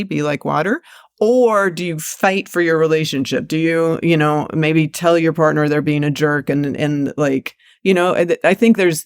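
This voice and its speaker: A woman's voice: low-pitched, smooth, dry recording, studio quality. A woman in a casual podcast conversation, thinking aloud in a reflective way with frequent fillers.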